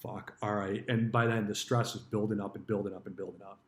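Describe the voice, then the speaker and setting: A man's voice: on the low side, steady tone, a little fast. A man, a retired stockbroker, telling stories about his old job in a blunt, casual way, swearing freely. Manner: blunt, swears freely, acts out quoted dialogue. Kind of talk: casual storytelling monologue. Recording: roomy echo.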